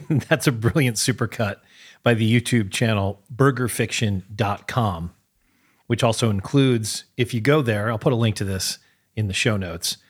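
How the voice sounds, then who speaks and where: Seorang pria pembawa podcast yang membahas film dengan gaya santai dan mengobrol, seolah berpikir sambil bicara. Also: male voice, fairly low pitch, measured pace, husky. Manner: relaxed, conversational, thinking aloud. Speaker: podcast host. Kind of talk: casual film talk.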